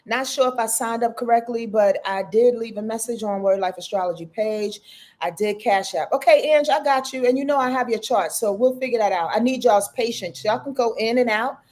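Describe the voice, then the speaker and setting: A woman with a slightly raised pitch hosts a live-stream astrology reading. She talks in a loose, chatty way, affectionate and blunt, with casual cursing mixed into her spiritual advice. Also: brisk, darkish tone. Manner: frank, affectionate, profane, chatty.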